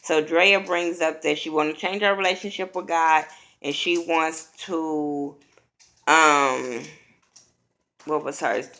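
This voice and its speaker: A woman's voice: deep voice, fairly even intonation, slow pace, sharp tone. A woman giving a blunt, profane, opinionated casual recap of a reality TV episode.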